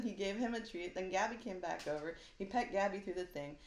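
Animated woman telling a story, roomy echo. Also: on the low side, a little fast. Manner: animated storyteller, acts out quoted voices. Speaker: podcast co-host. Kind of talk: casual chat. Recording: echoey room.

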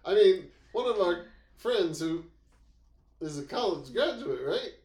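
Teasing man with a lively voice in an echoey room. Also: high-pitched, a little slow. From Florida. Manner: teasing, opinionated about pronunciation. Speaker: podcast co-host. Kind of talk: casual podcast chat.

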